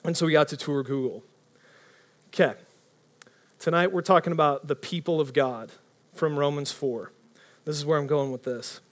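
A young man preaching a casual storytelling sermon, animated and rambling, often breaking off mid-sentence. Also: fairly high pitch, normal speed, long pauses. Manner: animated, rambling, self-interrupting.

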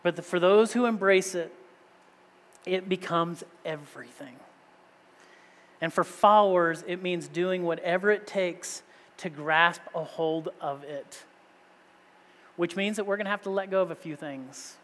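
Pastor preaching in a reverberant hall. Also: male voice, high-pitched, unhurried, long pauses, a bit bright. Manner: preaching with rising rhetorical questions. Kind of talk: sermon. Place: church sanctuary. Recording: long reverb of a large hall.

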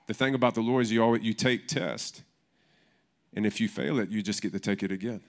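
A man's voice: lowish voice, a little fast. A man preaching a sermon in church in a casual, conversational way, often restarting his sentences. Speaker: pastor.

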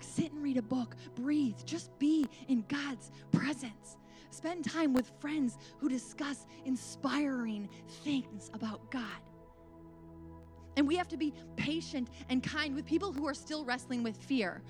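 A woman's voice: high-pitched, fairly bright tone. A woman giving a devotional sermon talk, earnest and emphatic, mixing preaching with casual asides.

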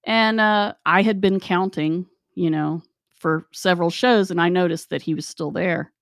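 Wry woman telling a story, low voice. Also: normal speed, no room sound, studio quality. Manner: animated, wry, chatty. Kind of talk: casual storytelling.

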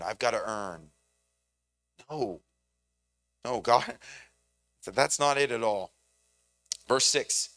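A man preaching a sermon in a conversational, animated way, often repeating words as he thinks. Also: on the low side, no echo. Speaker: pastor.

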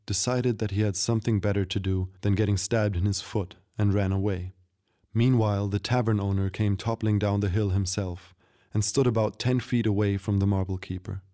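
A man narrating a story in a measured, steady storytelling delivery. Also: fairly low pitch. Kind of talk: scripted narration.

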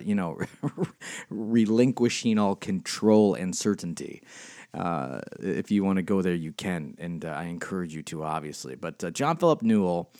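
A man's voice: deep voice, darkish tone, no room sound, studio quality. A middle-aged man, a spiritual director and life coach, talking casually on his own podcast, rambling with lots of fillers and easy laughs. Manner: rambling, chatty, many fillers, laughs easily. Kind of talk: casual solo podcast talk. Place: home studio at a computer, typing heard.

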